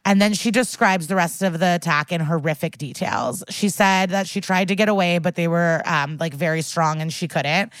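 A woman's voice: fairly low pitch, normal speed, hardly any pauses, no echo. A woman co-hosting a podcast, recapping a TV episode in casual chat with blunt, profane outrage. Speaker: podcast co-host.

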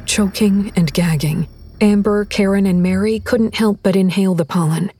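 A woman reading a horror audiobook in a measured, deliberate storytelling voice. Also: medium pitch, warm tone, breathy edge. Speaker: narrator. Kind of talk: scripted horror audiobook narration.

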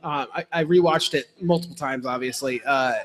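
A man's voice: mid-range voice, a little fast, a bit bright. A man hosting a casual sports chat, easygoing and chuckling, running a giveaway. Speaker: podcast host.

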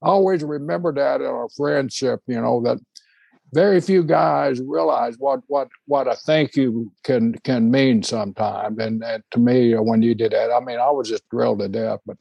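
A man hosting a casual chat, telling rambling stories with many halting restarts. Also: medium pitch, vocal fry, breathy edge, dry recording, lo-fi sound. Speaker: podcast host.

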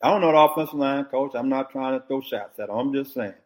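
An older man, a former football coach, giving blunt, animated opinions in casual sports talk. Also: medium pitch, fast.

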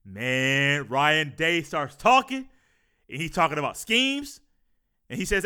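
A man hosting a podcast with a high, bright, very clear voice. He talks fast and is animated and goofy throughout. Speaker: podcast host.

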